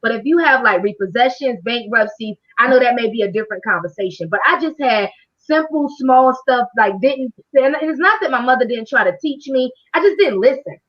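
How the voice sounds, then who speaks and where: High-voiced woman coaching over a video call. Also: brisk, few pauses, highs cut off. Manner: animated, preacher-like, talks straight to the audience. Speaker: financial coach hosting a training. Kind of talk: live online workshop talk.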